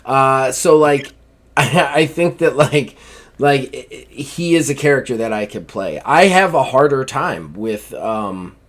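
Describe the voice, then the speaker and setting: A man's voice: medium pitch, expressive, measured pace, a bit bright. A man co-hosting a casual gaming podcast, talking in a loose, laid-back way with lots of fillers.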